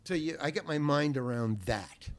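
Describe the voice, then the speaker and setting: An older man, a podcast guest, telling a long anecdote in an animated, profane, self-deprecating way. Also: a little high, moderate pace. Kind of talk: anecdotal storytelling in a podcast interview.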